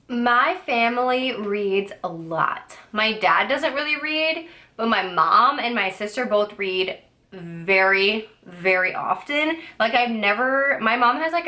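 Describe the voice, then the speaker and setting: A woman's voice: medium pitch, sharp tone. A young woman chatting casually on her book vlog, rambling with lots of "like" and "I don't know" and throwing in playful, sassy asides. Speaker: book vlogger. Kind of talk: casual chat.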